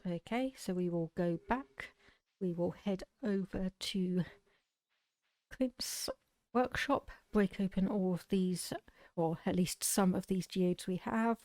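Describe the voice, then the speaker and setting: Measured British woman streamer. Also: medium pitch, a little mellow, no room sound. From United Kingdom. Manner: measured, explanatory. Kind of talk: casual game commentary.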